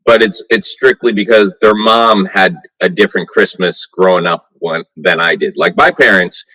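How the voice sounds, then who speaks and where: Bright-voiced, easygoing writer man. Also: sits low, no room sound, poor audio. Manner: relaxed, halting storyteller. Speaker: head writer and co-host. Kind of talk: casual comedy radio chat.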